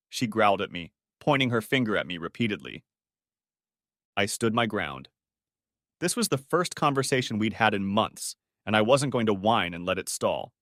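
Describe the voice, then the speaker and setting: A man's voice: lowish voice, lively intonation, moderate pace, fairly bright tone, dry recording, studio quality. A man narrating a reflective, emotional first-person audiobook story.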